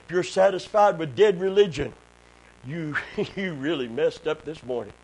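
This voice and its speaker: A man's voice: fairly high pitch, moderate pace, darkish tone, poor audio. A man preaching a sermon at a church service, telling folksy stories and building to emphatic preaching.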